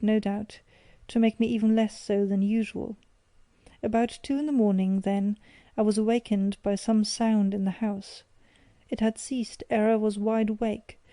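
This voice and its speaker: A woman narrating a classic detective story as an audiobook, in a measured, even storytelling delivery. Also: mid-range voice, dry recording.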